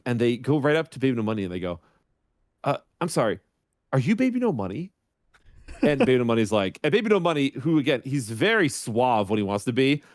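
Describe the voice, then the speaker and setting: Animated storytelling man, lively pitch. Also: no room sound, clean studio sound. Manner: animated, acts out voices in his anecdotes. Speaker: guest streamer. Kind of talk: casual storytelling on a podcast.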